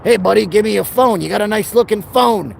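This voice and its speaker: A man's voice: sits high, brisk, creaky, a little mellow, pitched above the performer's own voice. Brash 1930s New York mugger, menacing and pushy, put on by a man, on a noisy street. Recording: outdoor street with traffic noise.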